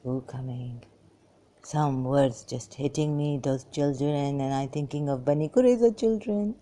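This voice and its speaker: Weary, halting low-voiced woman. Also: warm tone. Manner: halting, fragmented speech with many pauses. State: very tired and weak. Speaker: vlogger. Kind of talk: rambling personal monologue.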